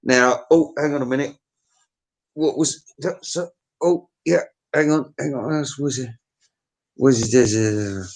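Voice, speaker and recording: A man's voice: medium pitch, normal speed. Man, casual review monologue, blunt and sweary, stammering restarts, mid-range voice. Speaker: album reviewer.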